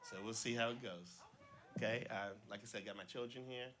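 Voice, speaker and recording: A middle-aged man from the Cincinnati area doing his first stand-up set, telling joke stories in a relaxed way with small slips and restarts. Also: medium pitch, fairly quick, very noisy. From Cincinnati area, Ohio. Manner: relaxed storytelling, slips and restarts, voices jokes' characters lightly. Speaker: stand-up comedian, schoolteacher. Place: small club stage before a live audience.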